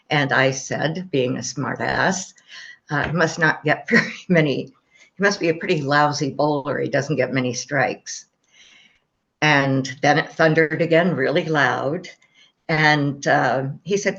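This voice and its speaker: A woman's voice: low-pitched, unhurried, a bit bright. An older woman telling a personal story in a rambling, casual way, with many fillers and a wry sense of humor. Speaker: guest telling her near-death experience. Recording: slightly dull, muffled sound.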